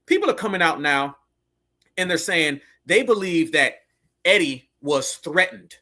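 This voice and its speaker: A man's voice: a little high, animated, a little slow, sharp tone. A man hosting heated social commentary, fiery and preachy with lots of slang. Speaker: commentator host.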